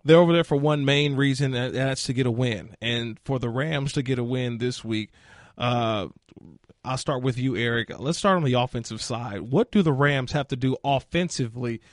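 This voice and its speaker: A man hosting a sports radio show, upbeat and quick to laugh along with his co-host. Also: mid-range voice, no echo, studio quality.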